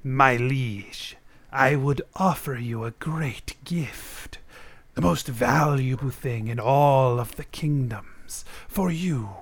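A man's voice: slow pace, no echo. A man voicing a hunched, scheming old enchanter in a whispered role-play. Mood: sly. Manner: breathy, low and sly.

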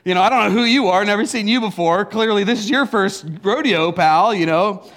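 A male pastor with a high voice preaches in a church, telling a story in an animated way. He breaks into laughs and acts out asides. He sounds middle-aged. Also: a little fast. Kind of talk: sermon.

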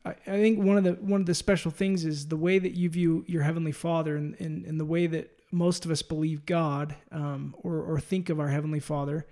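A man hosting a faith-focused conversation, his voice a touch high and noticeably gravelly. He talks earnestly and from the heart, often stopping and restarting his sentences as he feels his way through a thought. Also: level tone, fairly quick, few pauses, dark tone. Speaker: podcast host. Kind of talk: faith-based interview conversation.

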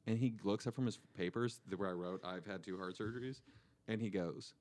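A young man co-hosting a podcast, telling a story in a deadpan way and acting out the dialogue. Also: lowish voice, brisk. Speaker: co-host. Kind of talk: casual storytelling chat.

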